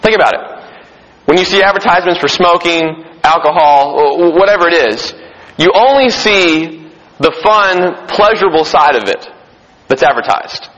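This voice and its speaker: Husky-voiced pastor in a reverberant hall. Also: male voice, fairly high pitch, animated, moderate pace, fairly bright tone. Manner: conversational, frequent restarts, questions the congregation. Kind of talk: informal sermon. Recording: long hall reverb, dull lo-fi sound.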